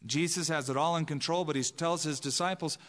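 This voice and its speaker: This pastor's sermon is conversational, with him performing the voices of those he quotes. He sounds a little high, a little fast and a bit bright, with a long reverb tail.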